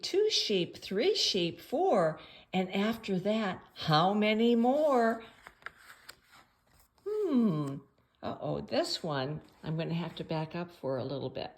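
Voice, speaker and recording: A woman reading a picture book aloud at home for children, playful and chatty, pausing to ask the listener questions. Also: medium pitch, expressive.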